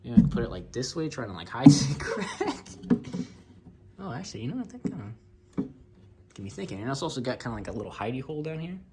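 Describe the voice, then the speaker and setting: A man's voice: medium pitch, very animated, quick pace, long pauses. Rambling man on noisy home audio. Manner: rambling, joking, talks to his dogs. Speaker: vlogger. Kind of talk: casual home vlog. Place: home kitchen.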